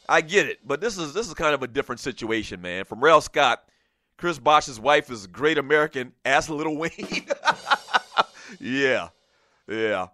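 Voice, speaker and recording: A man hosting a casual sports talk show, animated, often laughing and reading listener messages aloud. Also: on the high side, normal speed, no echo.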